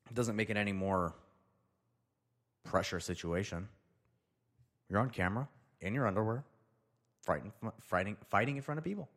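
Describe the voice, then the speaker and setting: A man's voice: fairly low pitch, normal speed, pauses often, fairly bright tone. A young man hosting a casual solo show, rambling loosely and talking to himself as he reads through items. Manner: loose, rambling, talks to himself while reading. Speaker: podcast host.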